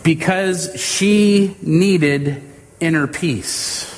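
A male pastor giving a sermon with earnest, drawn-out emphasis. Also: fairly high pitch, slight background noise. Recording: reverberant hall with faint ambience.

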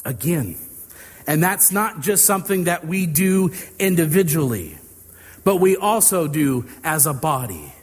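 A male pastor preaches in a measured, drawn-out manner, leaning on pauses. His voice sits a little high and moves very slowly. A long reverb trails behind him. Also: sing-song, breathy edge. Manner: slow, deliberate storytelling with drawn-out phrases. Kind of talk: sermon with illustrative story.

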